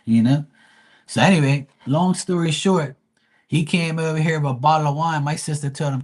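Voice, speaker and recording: A man's voice: a little high, moderate pace. A man from Bermuda, retelling a neighbor quarrel in a profane, heated way on a casual livestream. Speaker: live tarot reader.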